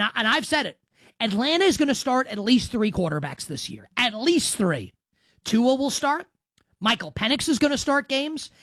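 A man's voice: extremely high pitch, a bit bright, no echo. Brash, emphatic male sports radio host. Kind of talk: sports talk monologue.

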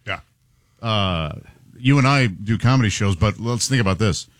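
A man's voice: on the low side, expressive, moderate pace, no echo, studio quality. A man, a stand-up comedian, teasing a guest in playful banter. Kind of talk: casual chat.

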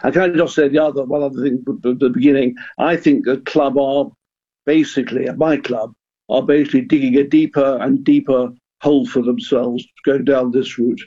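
A man's voice: mid-range voice, steady tone, fairly quick, mellow, husky, dull audio. An older man, a former football club chairman, speaking as a radio guest in a hesitant, earnest way and repeating words as he thinks. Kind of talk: radio discussion.

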